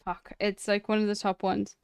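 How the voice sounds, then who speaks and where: A young woman streamer chatting casually and excitedly as she reacts to clips, laughing often and swearing. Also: mid-range voice, moderate pace, gravelly, clear, resonant tone, no echo, clean studio sound.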